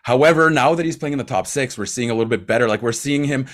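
Animated man talking hockey. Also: medium pitch. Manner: animated, laughs often, quick asides. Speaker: hockey commentator. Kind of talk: casual sports chat.

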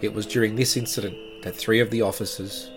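A man hosting a podcast, narrating true creepy stories in a measured, dramatic way with slow pauses. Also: fairly low pitch, fairly even intonation, music in the background. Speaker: podcast host.

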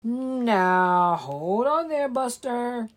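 A woman voicing a feisty male brown bunny who scolds and taunts loudly in a storybook reading. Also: fairly low pitch, expressive, slow pace. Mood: indignant.

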